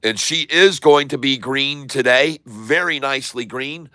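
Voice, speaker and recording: Man, day-trading commentary, bright and crisp, dry close sound. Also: medium pitch, dry recording. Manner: running commentary, repeating tickers slowly. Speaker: stock trading streamer.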